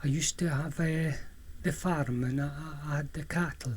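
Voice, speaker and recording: A man voicing a gentle, wistful old island farmer who speaks softly with a lilt, quiet and halting. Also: fairly high pitch, steady tone, a little hiss or hum, lightly acted. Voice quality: soft, lilting speech. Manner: quiet and halting, full of pauses.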